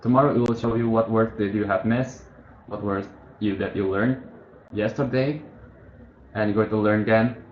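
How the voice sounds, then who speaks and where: A man's voice: on the low side, steady tone, normal speed. Casual man explaining a study app. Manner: rambling, self-correcting, thinking aloud. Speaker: tutorial host. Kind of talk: casual screen-share tutorial. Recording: muffled, echoey room with faint hiss.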